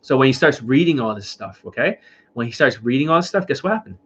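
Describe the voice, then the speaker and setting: A man's voice: medium pitch, expressive, fast, muffled recording, slight background noise. A man, a dating coach, lecturing bluntly in a casual livestream rant, swearing and repeating his points. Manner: blunt, profane, repetitive lecturing.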